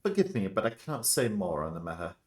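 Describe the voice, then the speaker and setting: A man doing a calm doctor with a fake Italian accent. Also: low voice, fast talker. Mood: composed. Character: composed male doctor with a put-on Italian accent.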